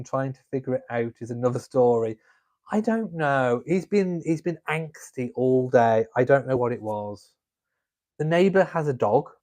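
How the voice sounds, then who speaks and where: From his home, coffee in hand, an Englishman streams casually, reading out what viewers write and chatting with camp, playful humor. He speaks at a medium pitch with a darkish tone.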